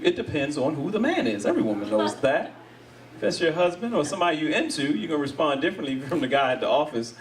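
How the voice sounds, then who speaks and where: A man doing live stand-up comedy, acting out quoted voices in an animated way. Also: fairly high pitch, fast talker. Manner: animated, acts out quoted voices, laughs along with the crowd. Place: comedy stage before a live audience. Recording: distant mic with loud audience laughter. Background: audience laughing.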